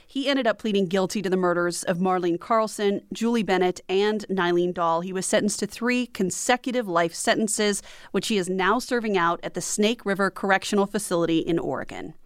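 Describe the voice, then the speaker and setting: A woman host reading a case summary in a steady, scripted way. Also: mid-range voice, a little fast, few pauses, clear, resonant tone, no echo, clean studio sound. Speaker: podcast host. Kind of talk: scripted narration.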